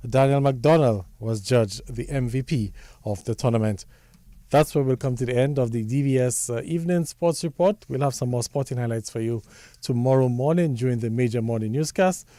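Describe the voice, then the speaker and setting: A man presenting a radio sports report in a measured, formal read. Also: mid-range voice, warm tone, no echo. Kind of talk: scripted news reading.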